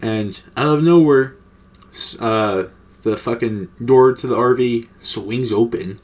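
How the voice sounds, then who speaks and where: A man's voice: mid-range voice, takes it slowly, darkish tone. A young man telling a casual, slangy, profane story to his vlog audience. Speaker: storytime vlogger.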